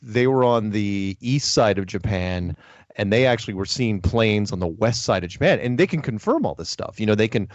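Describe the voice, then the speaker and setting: A man's voice: lowish voice, moderate pace, no room sound, highs cut off. A man hosting a call-in show, talking casually and with enthusiasm, often repeating himself. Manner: enthusiastic, repeats words when excited. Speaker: show host.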